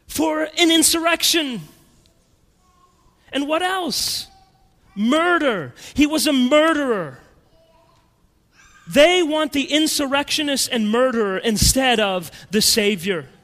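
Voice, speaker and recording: High, bright-voiced dramatic preacher. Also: male voice, expressive, takes it slowly, long pauses, big-room sound. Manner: dramatic, emphatic, swinging between loud and hushed. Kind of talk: sermon.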